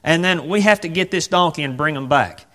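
A man's voice: fairly high pitch, a little fast, bright, forceful tone. A man preaching a sermon in a church, conversational and full of rhetorical questions, acting out the voices of the people in the story.

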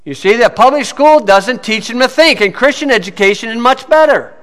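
A man with a high, bright voice preaches in a folksy, storytelling way and keeps saying "you see". He sinks to a low mutter when he tells his stories. His voice rings with long reverb in a hall. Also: expressive, brisk. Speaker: preacher teaching on scripture and law. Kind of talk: folksy teaching sermon.

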